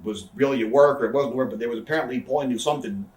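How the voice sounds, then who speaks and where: A man in a candid interview, telling backstage stories in a rapid, profane way and acting out what others said. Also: medium pitch, a little mellow. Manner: rapid, profane, acts out quoted voices. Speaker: interview guest, former wrestler. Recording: echoey room, somewhat far from mic.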